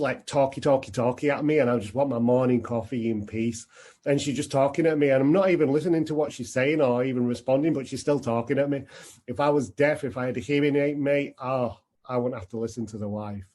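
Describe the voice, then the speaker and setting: A man voicing a blunt, nosy male stranger at a bar, firing off quick questions. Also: mid-range voice, a little mellow, close to an everyday voice. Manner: blunt, rapid-fire questions.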